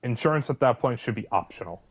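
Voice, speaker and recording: A man's voice: mid-range voice, expressive, fast talker. A man co-hosting a podcast, chatting casually and dropping wry, sarcastic quips. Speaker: podcast co-host. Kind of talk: casual chat. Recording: dull lo-fi audio.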